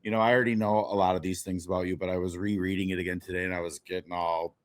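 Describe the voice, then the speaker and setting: A man's voice: low voice, level tone, racing. A man hosting a podcast, talking in a casual, effusive, enthusiastic way. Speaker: podcast host.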